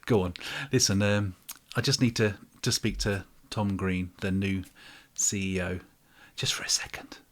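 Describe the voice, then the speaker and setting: A man's voice: low voice, steady tone, unhurried, pauses often. Sarcastic man, mock-dramatic. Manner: mock-dramatic, shifts into whispered asides; sarcastic, addresses listener directly. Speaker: channel host. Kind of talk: sarcastic open-letter monologue.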